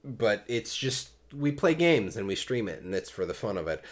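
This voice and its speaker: Man, podcast host, from Pennsylvania, lowish voice, rambling, self-mocking, casual chat. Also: sing-song, normal speed.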